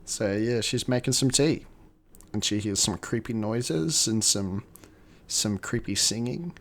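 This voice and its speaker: A man's voice: lowish voice, measured pace. A man co-hosting a podcast, casually recapping a film, swearing and acting out the lines. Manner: animated, swearing, acts out lines. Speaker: podcast co-host.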